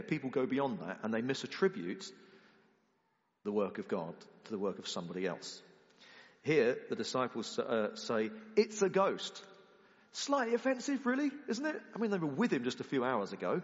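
A man preaching in a big hall with a long echo, and the sound is slightly muffled. His pitch leaps and falls as he moves from loud, emphatic questions to hushed, low asides. He sits at an ordinary middle pitch. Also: normal speed. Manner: animated, swings from loud emphatic rises to quiet low asides. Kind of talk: sermon.

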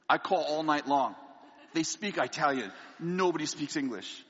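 Lively storytelling preacher in a hall. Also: male voice, a little high, a little slow, slightly rough. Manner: animated storyteller, acts out dialogue, laughs often. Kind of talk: sermon with a humorous personal story. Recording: long hall reverb, dull lo-fi sound.

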